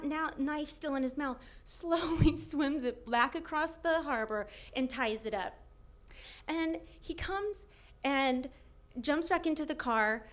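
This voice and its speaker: High-pitched young woman storyteller; animated comic anecdote, laughing through it. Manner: animated, laughing often, acting out quotes.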